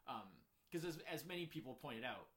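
Chatty man with eager rising pitch. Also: normal speed, a crowd in the background. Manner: rambling, many "like" fillers, animated pitch jumps when excited. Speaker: co-host ranking films. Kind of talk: casual chat.

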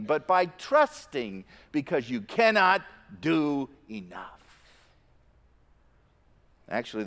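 A man delivering a sermon, his somewhat high voice leaping up and down in pitch as he drives home each point. He alternates forceful emphasis with hushed, low asides. The sound carries the long reverb of a large hall. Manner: emphatic preaching, swings between loud stresses and quiet low asides. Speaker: pastor.

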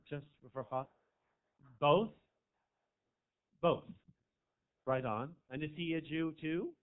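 A male stand-up comedian works a small club crowd with brash, campy banter, jumping between loud outbursts and quiet asides. His voice sits a little high for a man. The recording is thin and narrow, as if heard over a phone line. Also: clear, resonant tone. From American South. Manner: brash, campy crowd work with big swings in loudness. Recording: tinny phone-like audio.

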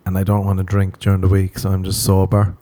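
Crude joking Irishman, low mellow voice. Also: completely flat delivery, fast talker, a little hiss or hum. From Ireland. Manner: crude, self-mocking, laughs at own jokes. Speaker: comedian. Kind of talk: comedic monologue.

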